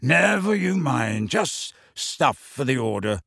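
A man's voice: medium pitch, very animated, takes it slowly, creaky, fairly bright tone, husky, dry recording, clean studio sound, heavily acted. A man reading an audiobook, voicing a bold, wry adult male wizard who talks in a teasing, confident way.

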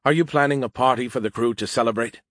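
A man's voice: medium pitch, quick pace, a bit bright, dry recording, clean studio sound, close to an everyday voice. A man voicing a boastful, moody male AI in a beer can, speaking formally without contractions in an audiobook reading. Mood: glum.

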